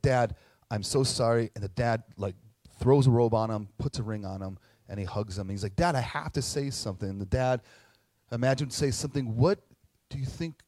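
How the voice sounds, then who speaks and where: Casual male preacher, animated storyteller, mid-range voice, dry recording. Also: medium pitch, dry recording. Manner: casual and animated, frequent tag questions. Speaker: pastor. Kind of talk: conversational sermon.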